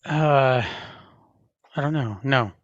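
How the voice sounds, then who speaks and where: A man's voice: mid-range voice, takes it slowly, no room sound, muffled recording. A man being interviewed as a podcast guest, speaking earnestly and reflectively. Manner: earnest, reflective, laughs easily. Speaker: podcast guest, navy veteran. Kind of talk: casual interview chat.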